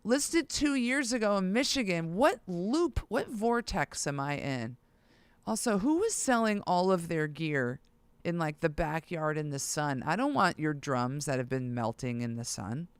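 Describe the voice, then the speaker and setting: An excitable music producer chatting to viewers and thinking aloud, with a smooth, resonant voice. The pitch swings widely as they react, and the sound is close and dry. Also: a little slow, no room sound. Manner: excitable, talks to self while browsing listings. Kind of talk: casual vlog talk to camera.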